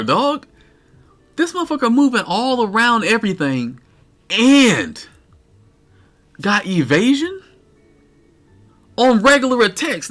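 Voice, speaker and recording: Man, high voice, wildly swinging pitch, cursing, exasperated game rant. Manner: animated, incredulous, cursing. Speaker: streamer. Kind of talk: ranting game commentary.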